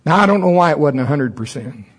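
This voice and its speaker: A man preaching a sermon through a humorous personal story. He chuckles often and jumps into loud, high-pitched voices when he acts out his own thoughts. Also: expressive, fast. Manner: chuckles often while telling stories.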